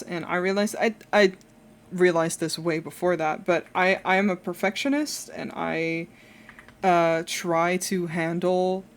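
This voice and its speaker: A woman's voice: fairly low pitch, a little hiss or hum. A young woman chatting casually while drawing on a live stream, rambling with lots of fillers and restarts and laughing often.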